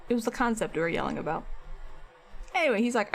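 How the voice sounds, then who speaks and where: Female streamer, loose chatty delivery, talks while she sculpts, a touch high-pitched. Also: lively intonation, fast talker, gravelly, a little hiss or hum. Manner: chatty, rambling, frequent "like" fillers and laughs. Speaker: art streamer. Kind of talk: casual live-stream chat while sculpting.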